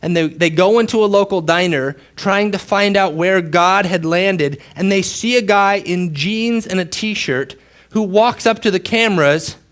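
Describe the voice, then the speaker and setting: A male pastor preaching a sermon with dramatic storytelling, dropping to a hush and then rising loud for emphasis. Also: high-pitched, unhurried. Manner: dramatic storytelling, swings between hushed and loud.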